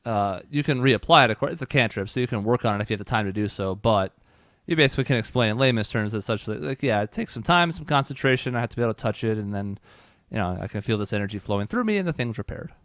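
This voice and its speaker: Male game master, relaxed rules narration, dry sound. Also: fairly low pitch, quick pace, hardly any pauses, no echo.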